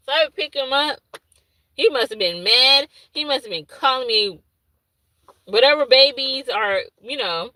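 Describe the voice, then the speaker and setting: High bright woman daycare teacher, super animated storytelling vlog, swoopy voice, laughs a lot. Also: moderate pace, no room sound, poor audio. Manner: animated, laughing, acts out her own asides in dialect.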